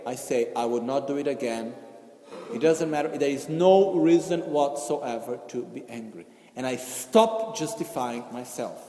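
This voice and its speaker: Man teaching in an echoey hall. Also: a little high. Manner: gentle, repeats "okay?" and "you know", acts out inner voices. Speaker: Buddhist teacher. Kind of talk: Buddhist teaching talk. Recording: echoey hall with long reverb.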